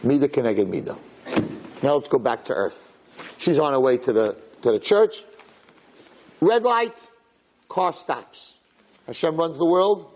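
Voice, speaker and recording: A male rabbi telling a story in a sermon, animated and acting out voices, with Hebrew and Yiddish terms mixed in. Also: a little high, unhurried, pauses often, poor audio.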